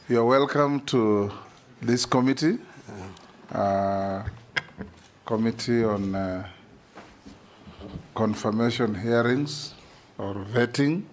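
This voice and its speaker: A man chairing a formal parliamentary hearing, speaking in a measured, deliberate and officious way into a desk microphone in a committee room. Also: lowish voice, slight background noise.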